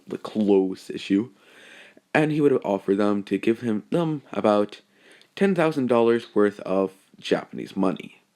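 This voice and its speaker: A man's voice: on the low side, a little mellow. A young man narrating a fan story off the cuff, rambling with many fillers and self-corrections.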